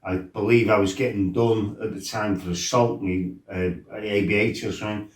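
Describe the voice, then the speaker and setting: A middle-aged man tells his life story as a former fighter, bluntly and with lots of swearing, acting out his own shouts. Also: on the low side, steady tone, normal speed. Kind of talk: casual storytelling interview. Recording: roomy, mic set some distance off.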